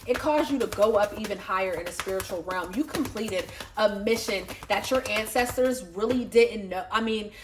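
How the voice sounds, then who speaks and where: A woman giving a casual tarot reading to her viewers, excitable, swearing freely and laughing often. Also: mid-range voice, moderate pace, few pauses, background noise. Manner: excitable, profane, talks straight to viewers. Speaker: tarot reader.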